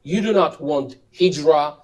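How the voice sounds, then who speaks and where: A man's voice: a little high, unhurried, low-quality recording. A man, an English speaker and politician, speaking insistently in an interview with repeated emphatic statements. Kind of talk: interview clip.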